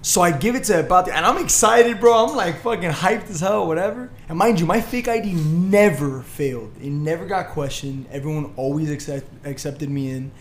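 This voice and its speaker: A young man co-hosting a podcast, telling a story in a casual, animated way, full of swearing, acting out the people in it. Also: fairly high pitch, a little fast, hardly any pauses, reverberant, a little hiss or hum. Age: young adult. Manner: animated, swearing, acts out bouncers. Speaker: podcast co-host.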